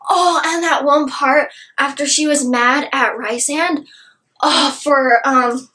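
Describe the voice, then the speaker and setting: A young woman with a high, bright-sounding pitch chats about a novel she loved. She gushes and rambles, stringing thoughts together with "like" after "like" in a casual vlog review. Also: fairly even intonation, slow pace. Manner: gushing, filler-heavy with many "like"s. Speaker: book reviewer. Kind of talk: casual book review chat.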